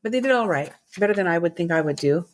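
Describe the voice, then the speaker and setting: A woman's voice: lowish voice, lively intonation, fast talker. A woman co-hosting a podcast, leading the discussion in a casual, agreeable way. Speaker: podcast co-host. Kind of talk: casual chat.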